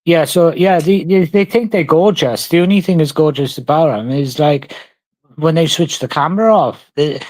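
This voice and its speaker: A man chats on a livestream in a blunt, crude, mocking way. His voice sits a bit high for a man. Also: moderate pace, darkish tone. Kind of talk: casual chat.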